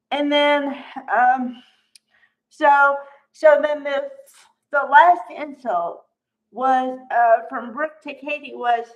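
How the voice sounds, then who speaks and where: A woman chatting casually as she recaps a soap opera episode, animated and acting out the characters' lines. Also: high voice, highs cut off. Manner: chatty, animated, acts out quotes.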